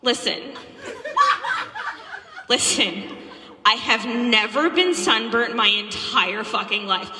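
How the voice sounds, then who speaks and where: Young female stand-up, raw and animated, higher voice, recorded in a reverberant hall. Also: measured pace, hardly any pauses, a little hiss or hum. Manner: animated, profane storytelling with frequent laughs. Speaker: stand-up comedian. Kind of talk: stand-up comedy set. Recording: echoey hall with long reverb.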